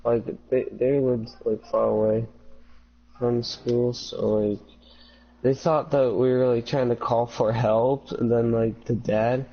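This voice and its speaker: A man's voice: steady tone, slow pace. A young man telling a story in a casual chat among friends, filling every phrase with "like". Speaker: podcast co-host. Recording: dull low-fi home recording.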